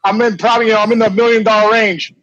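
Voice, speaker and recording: A middle-aged man, a former ballplayer, telling a lively anecdote in a casual, animated way with many restarts. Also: high voice, racing, no echo, dull audio. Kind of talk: casual storytelling.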